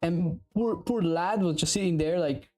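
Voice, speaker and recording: A man in his thirties from Italy with an Italian accent, chatting casually and profanely while streaming game development, rambling and animated. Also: high-pitched, normal speed, soft background music. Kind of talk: casual livestream chat.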